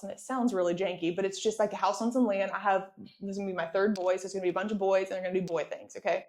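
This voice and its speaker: Energetic woman leading sales training. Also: medium pitch. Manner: energetic, playful, asks audience for responses. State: pregnant. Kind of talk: live sales training talk to an audience.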